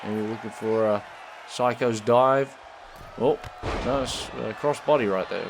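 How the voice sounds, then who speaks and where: A man's voice: lowish voice, a little slow, crowd noise. Man doing hyped play-by-play in a noisy room. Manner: putting on an American announcer voice; bursts into excited shouting during action. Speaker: wrestling commentator. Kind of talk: play-by-play commentary over a wrestling video game.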